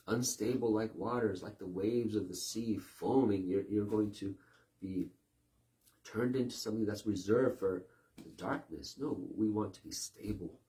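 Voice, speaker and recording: A man preaching a sermon, animated and talking through illustrations with playful asides. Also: low-pitched. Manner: animated, mimics voices in quick asides. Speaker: pastor.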